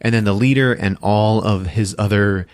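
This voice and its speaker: Low-voiced guy swearing his way through a movie recap, dry podcast mic. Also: normal speed, smooth, dry recording. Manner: profane, animated storytelling. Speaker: podcast host. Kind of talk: casual film recap.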